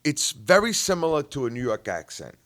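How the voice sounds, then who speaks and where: A man's voice: medium pitch, brisk. A man co-hosting a casual podcast, who talks about and explains regional accents. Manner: animated, explains accents in detail. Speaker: podcast co-host.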